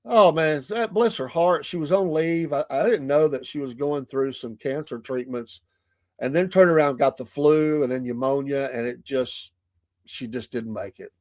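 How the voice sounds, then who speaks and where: A man's voice: mid-range voice, moderate pace, darkish tone, no room sound, studio quality. A man with a Southern US accent hosting a morning talk show, chatting casually and laughing often between remarks. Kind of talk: casual chat.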